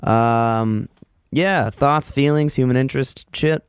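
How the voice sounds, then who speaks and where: A man's voice: slow pace, clean tone, no room sound, studio quality. A man hosting a casual solo podcast, rambling loosely with lots of swearing, filler words and self-mocking asides. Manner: loose, self-mocking, lively swings in pitch. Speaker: podcast host.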